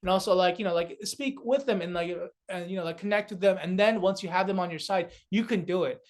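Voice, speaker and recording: Man, from South Korea, young adult, high-pitched, comedian guest, casual rambling interview talk. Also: fast. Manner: loose and rambling, many fillers.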